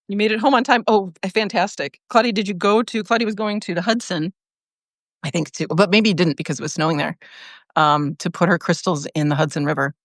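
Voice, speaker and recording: A woman's voice: medium pitch, no echo, studio quality. A woman hosting a casual livestream from her phone outdoors in a neighborhood, chatting and laughing often as she greets viewers. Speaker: livestream host.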